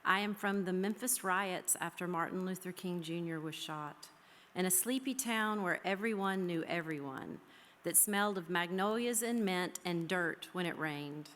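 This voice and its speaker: A woman from the American South, a history teacher, reading her own poem aloud and then speaking warmly and folksily to her students. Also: lowish voice, moderate pace. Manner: heartfelt, folksy, says y'all. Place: school chapel. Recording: reverberant hall.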